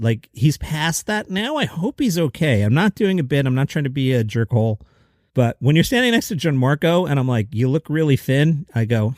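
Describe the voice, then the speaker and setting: A man's voice: on the high side, no echo, clean studio sound. A man hosting a comedy news podcast, delivering headlines with a sing-song lilt and sarcastic asides. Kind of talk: casual comedic news commentary.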